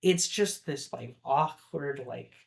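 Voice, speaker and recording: A man's voice: on the high side, slow pace, vocal fry. A young man co-hosting a casual film discussion, talking enthusiastically and rambling with lots of filler words. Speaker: podcast co-host.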